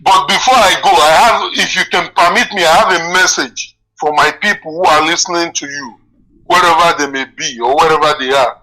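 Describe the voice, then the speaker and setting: A man's voice: on the high side, brisk, bright, forceful tone, rough recording. A man calling in to a live show, deferential and addressing the host as sir. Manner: deferential, says sir often. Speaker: caller. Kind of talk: phone-in talk.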